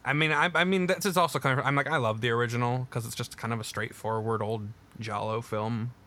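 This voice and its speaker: A man's voice: medium pitch, steady tone, fast, sharp tone. A young man co-hosting a podcast, talking earnestly in casual chat and defending his opinions with stammered restarts. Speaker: podcast co-host.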